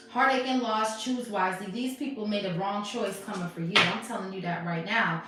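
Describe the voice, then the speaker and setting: A woman's voice: mid-range voice, fairly bright tone. Echoey sassy woman reading tarot. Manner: sassy, emphatic, laughing often. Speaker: tarot reader. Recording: very echoey room, mic far off.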